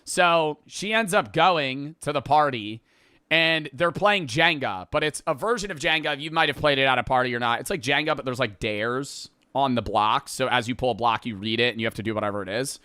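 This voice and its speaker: A man's voice: medium pitch, fairly quick, sharp tone, clear, resonant tone, dry recording, clean studio sound. A man casually recapping a movie plot, rambling and profane, laughing as he goes. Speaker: podcast host.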